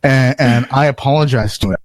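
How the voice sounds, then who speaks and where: A man's voice: mid-range voice, fairly quick, no room sound. A man telling a long story on a podcast in casual, profane talk, acting out what people said. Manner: animated, acts out quotes, swears often.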